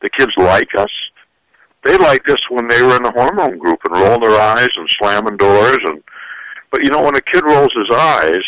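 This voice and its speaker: A man's voice: medium pitch, moderate pace, dry recording, poor audio. An older man, a psychologist and author, giving parenting advice in a folksy, joking radio interview. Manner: folksy, joking, animated storyteller. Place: radio studio.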